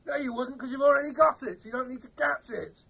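Shrill gravelly puppet bully, gloating and whiny, for a kids' TV phone-in, dull lo-fi sound. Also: male voice, fast talker, fairly bright tone, heavily acted. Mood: taunting. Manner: taunting, gloating, mock-sobbing. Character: boastful rude grumpy male puppet pest. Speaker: children's TV phone-in regular. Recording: dull lo-fi TV audio.

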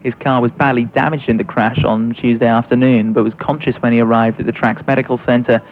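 A man reading a sports news bulletin with brisk, crisp delivery. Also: mid-range voice, little pitch movement. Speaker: sports newsreader. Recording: thin phone-like radio audio with faint noise.

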